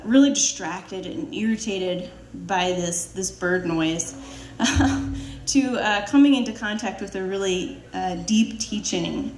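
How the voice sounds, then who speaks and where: A woman's voice: mid-range voice, reverberant. A woman telling a personal story live on stage, laughing often, with many fillers and restarts.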